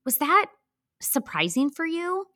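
A woman's voice: extremely high pitch, sing-song, a little slow, bright, forceful tone, no room sound, clean studio sound. A middle-aged woman with a Midwestern accent hosting a podcast interview, bubbly and gushing with enthusiasm. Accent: Midwestern American. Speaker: podcast host.

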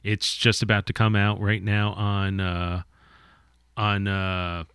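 A man's voice: fairly low pitch, completely flat delivery, slow pace, a bit bright, clear, resonant tone, no room sound, studio quality. A man co-hosting a podcast, reviewing a movie casually with frequent stammered restarts.

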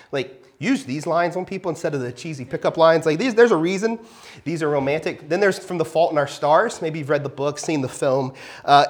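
A married man preaching a sermon in an animated, joking way, with frequent restarts. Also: high voice, fairly quick. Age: adult, married. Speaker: pastor.

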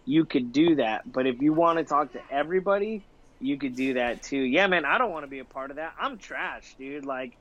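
A man's voice: medium pitch, brisk. Laughing, profane young man with a dull lo-fi sound. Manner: profane, laughing, animated storyteller with filler "like". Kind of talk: casual podcast chat.

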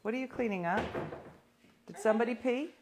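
A woman's voice: on the high side, brisk, noisy background. A woman hosting a casual livestream, telling stories to her viewers in a wry, sarcastic way. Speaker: livestream host.

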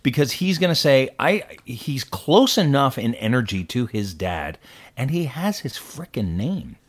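A man co-hosting a casual political talk show, opinionated and animated, with quick asides. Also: medium pitch. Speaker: podcast co-host.

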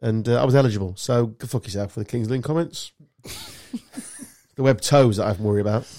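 A man's voice: mid-range voice, fast, warm tone, no room sound, clean studio sound. A man from England hosting a casual football chat podcast, joking and bantering with friends. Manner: joking, banter-filled, sweary. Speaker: podcast host.

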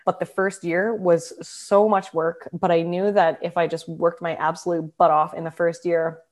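A woman's voice: fairly low pitch, flat delivery, normal speed, darkish tone. A young woman telling a personal story in a casual, chatty way, often laughing and quoting herself. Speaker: storyteller sharing personal experience.

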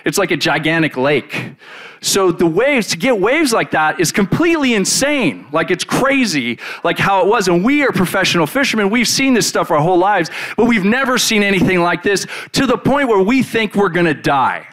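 A man preaching by retelling a Bible story in the first person, in an animated, casual way with many fillers. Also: sits high, moderate pace.

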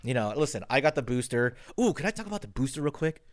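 A man co-hosting a podcast, telling animated stories full of swearing and quick restarts. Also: medium pitch. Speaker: podcast co-host. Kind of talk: casual chat.

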